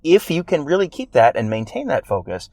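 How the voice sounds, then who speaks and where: A man's voice: a little high, wildly swooping pitch, brisk, vocal fry, a little mellow, no room sound. A man co-hosting a sports podcast in casual, rambling chat with wry self-deprecating jokes. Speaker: podcast co-host.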